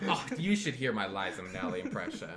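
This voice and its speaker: A man's voice: low-pitched, sing-song, fast talker, a crowd in the background. A man co-hosting a podcast in casual chat, playful and jokey, laughing a lot. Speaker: podcast co-host.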